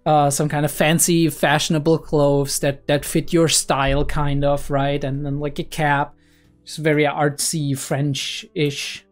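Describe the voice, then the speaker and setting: Young woman, deep register, rambly reaction host who swears often, soft music underneath. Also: measured pace. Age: young adult. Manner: excitable, rambling, swears freely. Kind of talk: casual reaction commentary.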